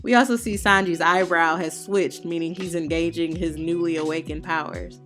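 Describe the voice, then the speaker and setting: A woman's voice: on the low side, steady tone, normal speed, a bit bright, faint music behind. A woman hosting a manga review, recapping the chapter in casual, slangy, opinionated talk with playful heckling asides.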